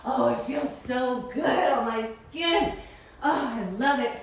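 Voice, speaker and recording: A woman voicing a gentle, grateful male whale with a soft, fond manner. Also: high voice, slow, very echoey, far from the mic. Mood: content.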